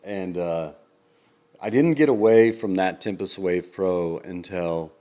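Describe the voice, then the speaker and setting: A man co-hosting a podcast in casual chat, rambling with lots of ums and quick laughs. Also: sits low, mellow. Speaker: podcast co-host.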